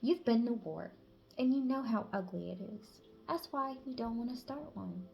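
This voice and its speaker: A woman's voice: fairly high pitch, expressive, moderate pace, vocal fry, highs cut off. A woman reading tarot messages in a casual, chatty way, swearing freely and sometimes dropping to a whisper. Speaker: tarot reader.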